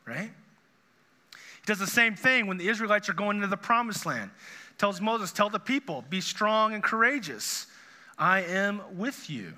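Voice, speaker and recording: A man preaching a sermon in a high, very bright, sharp voice. He talks earnestly, throws rhetorical questions at the congregation, and sinks low and soft for quoted words of comfort. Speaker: pastor.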